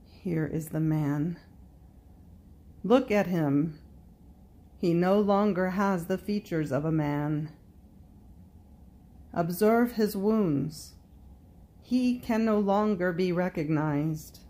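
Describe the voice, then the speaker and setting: A woman voicing Pilate, a wavering Roman governor, as he questions and pleads in a slow, measured way. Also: lowish voice, warm tone. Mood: pleading.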